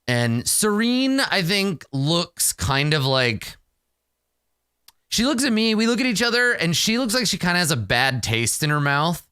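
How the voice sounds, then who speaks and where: A man's voice: sits high, very animated, unhurried, pushed and bright, clear, resonant tone, dry recording, studio quality. A man casually narrating a solo tabletop game in a self-mocking way.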